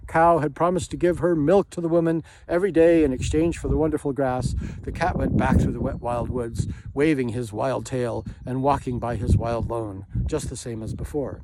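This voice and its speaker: A man narrating a classic children's story in a rhythmic, lilting storytelling manner. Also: on the high side. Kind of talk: storybook reading. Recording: hissy home recording.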